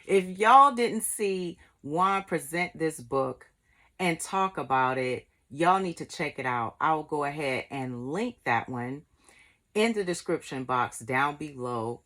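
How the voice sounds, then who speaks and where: A woman hosts a casual unboxing vlog and gushes over everything she opens. Her voice sits low and her delivery is slow and unhurried. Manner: gushing, excited, reads aloud. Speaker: crochet channel host.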